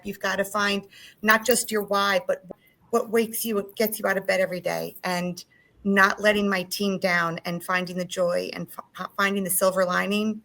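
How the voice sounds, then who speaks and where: A woman real estate agent speaking on a panel, telling emotional, animated stories about hard times. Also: mid-range voice, low-quality recording. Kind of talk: candid panel talk.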